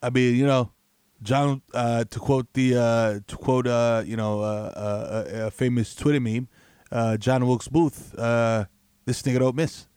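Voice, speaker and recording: A slow, meandering sports-radio host, as a man impersonates him, mid-pitched and dry. He fills every pause with uh and you know. The delivery is unhurried and flat. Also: clean tone, no echo, close to an everyday voice. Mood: deadpan.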